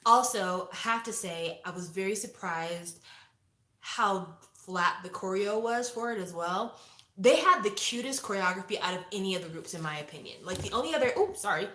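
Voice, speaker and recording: A woman in her forties chatting casually to viewers, opinionated and lively, acting out quotes as she reviews a show. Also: medium pitch, moderate pace. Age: 40s. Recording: echoey room.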